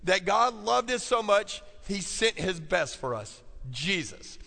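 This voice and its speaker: A male pastor with a high, sing-song, gravelly voice and a sharp tone preaches slowly. He uses call-and-response, calling to the congregation and repeating key points to write down, and the church hall has a long reverb.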